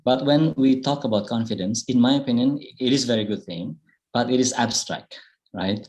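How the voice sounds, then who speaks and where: A man with an Indonesian accent giving an online public speaking talk, speaking slowly and thoughtfully with frequent fillers and restarts. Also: mid-range voice, darkish tone, low-quality recording. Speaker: guest speaker. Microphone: video call.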